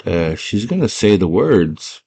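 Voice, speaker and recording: A man's voice: low voice, big pitch swings, measured pace, gravelly, a little mellow, slight background noise, full character voice. A man doing muttering little goblins. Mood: conspiring. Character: sneaky little puppet goblins, gossipy.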